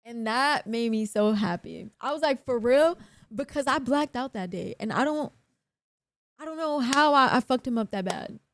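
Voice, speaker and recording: Animated, profane young woman telling a story. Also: a little high, normal speed, dry recording. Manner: animated, profane, acts out other people's lines. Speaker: streamer. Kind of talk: casual storytelling on a live stream.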